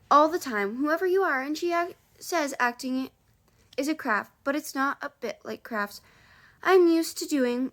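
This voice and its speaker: A woman's voice: high-pitched, fairly bright tone. A woman casually reading a children's book aloud on camera, chatty, with offhand asides. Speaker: audiobook reader. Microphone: camera close up.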